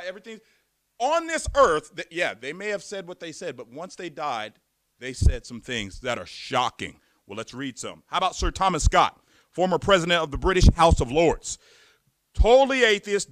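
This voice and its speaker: A man's voice: high voice, sing-song, normal speed, a bit bright, dry recording. A man preaching a sermon, emphatic, often repeating words and firing off rhetorical questions.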